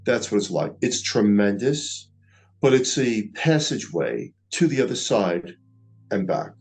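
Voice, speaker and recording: A middle-aged man, earnestly recounting a personal experience in a slow, reflective way. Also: lowish voice, expressive, vocal fry, a little mellow, faint music behind, low-quality recording. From Staten Island, New York. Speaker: near-death experiencer. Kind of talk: personal storytelling.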